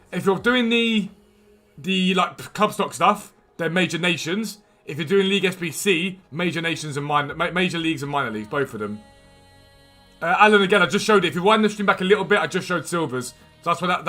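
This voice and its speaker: Give me a male streamer with a high, bright voice, rattling off quick answers to his live chat. He talks fast and keeps it chatty, with faint music under him.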